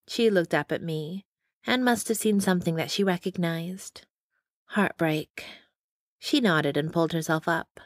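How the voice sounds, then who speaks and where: Low-voiced woman narrating an audiobook. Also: normal speed, no echo, clean studio sound. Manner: steady storytelling with dialogue voices. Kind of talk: first-person romance audiobook narration.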